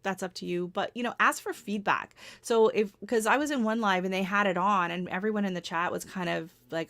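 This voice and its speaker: A woman's voice: mid-range voice, brisk, fairly bright tone. A middle-aged woman hosting a livestream, giving casual advice in a rambling, chatty way with frequent laughs and self-corrections. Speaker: livestream host.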